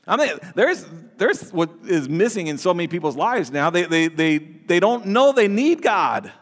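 A man preaching from the pulpit, his voice sitting a little high for a man. He talks in an easy, conversational way, stumbling over words and throwing questions out to the congregation. A long reverb trails behind him in the church. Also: very animated, normal speed. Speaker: pastor. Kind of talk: sermon.

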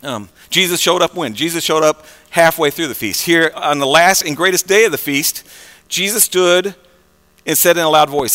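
A man preaching a sermon in a conversational, animated way, with frequent fillers and restarts. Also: fairly high pitch, normal speed, big-room sound.

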